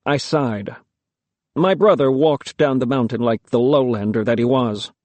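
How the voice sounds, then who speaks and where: A man narrates an audiobook in the first person, lyrical and measured, at a middling pitch. The sound is dry and close, with no room echo. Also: darkish tone.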